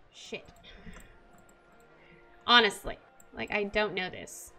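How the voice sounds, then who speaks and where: A woman's voice: on the high side, lively intonation, slow, gravelly, a bit bright, faint music behind. A woman giving casual let's-play commentary while building a city, chatty and exasperated, talking to herself and to the game. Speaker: gamer.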